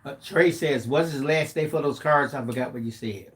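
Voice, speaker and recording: A man's voice: mid-range voice, normal speed, a little hiss or hum. A man co-hosting a livestream, reading viewer comments aloud and teasing the host in dry banter.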